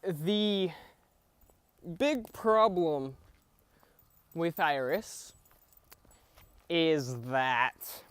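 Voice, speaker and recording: Young male podcast host, slightly high voice, slow, hesitant, opinionated casual recap. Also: clean tone, dry recording. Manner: halting, many fillers and restarts, opinionated. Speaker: podcast host reviewing TV episodes.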